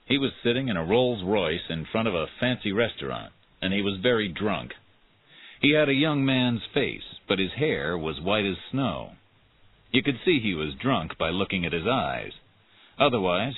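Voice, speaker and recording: A deep male narrator with a husky, lively voice reads a story at an even, measured pace. The sound is dry and narrow, like a phone line. He moves steadily from one sentence to the next. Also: no echo. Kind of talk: scripted narration of a graded reader.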